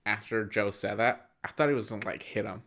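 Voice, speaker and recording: A man's voice: fairly low pitch, fairly quick, fairly bright tone. A young man co-hosting a movie podcast, casually retelling scenes and acting out bits of dialogue. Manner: retells scenes, acting out lines, filler-heavy. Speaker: podcast co-host.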